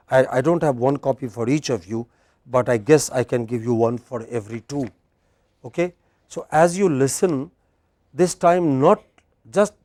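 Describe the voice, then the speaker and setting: A man's voice: mid-range voice, a little mellow, dry recording, clean studio sound. A man teaching a class, chatty, restarting sentences and quizzing his students. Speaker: English teacher. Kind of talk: classroom instruction. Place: indoor classroom.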